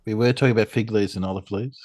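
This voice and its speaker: A man's voice: on the low side, fairly even intonation, racing, darkish tone. An Australian man on a video call in a casual group chat, amused and laughing often.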